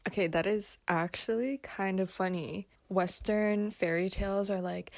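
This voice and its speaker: A woman's voice: fairly low pitch, steady tone, measured pace, creaky, soft background music. A woman casually reading folk tales aloud on her video, breaking off for giggly, playful asides. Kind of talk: casual read-aloud with chat.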